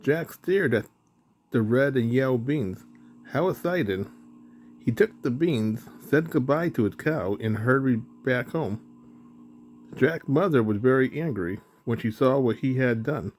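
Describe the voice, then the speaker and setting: A man narrating a children's storybook in a slow, even reading. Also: medium pitch, slight background noise.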